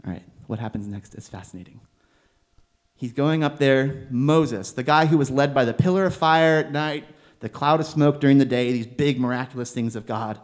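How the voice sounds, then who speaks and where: Male pastor with an easygoing, animated sermon delivery and a mid-range voice. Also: medium pitch, normal speed. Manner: conversational, animated, with filler words.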